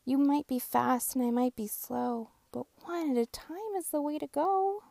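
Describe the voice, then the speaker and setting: A woman's voice: sits high, normal speed, creaky, no echo, studio quality, voice pushed up. A woman doing a chirpy little truck. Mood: firm. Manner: bright, eager and polite. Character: cheerful little male blue truck. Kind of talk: storybook read-aloud.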